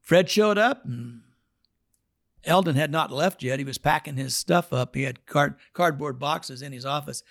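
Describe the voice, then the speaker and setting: A man's voice: medium pitch, moderate pace, vocal fry, fairly bright tone, no echo, clean studio sound. A man, a pastor, telling a story in a sermon and acting out the people in it.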